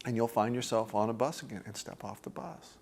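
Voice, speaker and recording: A man's voice: medium pitch, fairly quick, gravelly, a little mellow, a little hiss or hum. A man teaching a workshop group in a conversational way. He often checks in with "okay?" and acts out inner voices while he explains.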